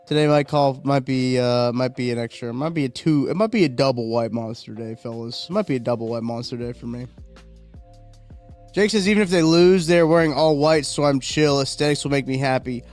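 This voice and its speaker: A man's voice: medium pitch, brisk, a little mellow, faint music behind. A man hosting a live stream, chatting casually and rambling through viewer comments. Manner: rambling, chatty, reacts to chat, yawning. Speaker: livestream host.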